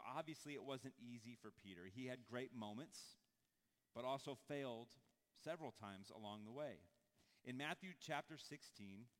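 A man preaching a sermon to a congregation, conversational and animated, breaking into acted-out quotes and casual asides. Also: medium pitch. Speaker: pastor. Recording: long hall reverb.

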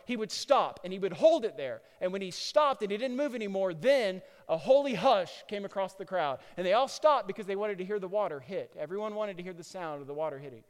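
A man preaching a sermon, telling stories with animation and building to loud peaks. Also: sits high, clear, resonant tone. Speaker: pastor. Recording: long hall reverb.

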